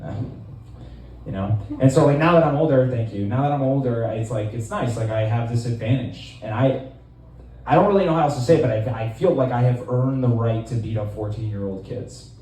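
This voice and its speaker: Dark-voiced deadpan comedian in his twenties. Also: medium pitch, brisk, heavy reverb, far from the mic, poor audio. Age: 20s. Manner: deadpan, rambling with fillers. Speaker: stand-up comedian. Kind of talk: stand-up set. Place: small comedy club.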